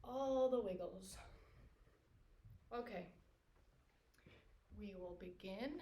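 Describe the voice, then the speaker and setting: A woman leading a gentle, playful yoga lesson for children, coaxing and making animal sounds. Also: fairly high pitch, reverberant, a little hiss or hum. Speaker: kids yoga instructor.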